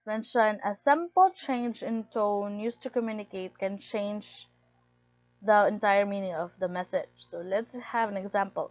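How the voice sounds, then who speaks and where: A woman's voice: mid-range voice, a little slow, darkish tone, no echo. A woman giving a recorded lecture, reading steadily from her notes and stressing key words. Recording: dull lo-fi recording, dry.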